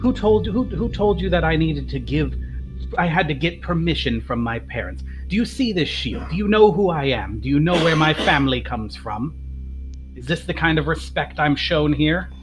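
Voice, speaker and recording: A man's voice: fairly high pitch, brisk, hardly any pauses, natural voice, low-quality recording. A man plays a proud drow nobleman taking offense at his welcome. He fires off questions about who he is and where his family comes from, with a little music in the background. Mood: indignant. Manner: indignant, demanding respect. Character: haughty male drow noble in disguise.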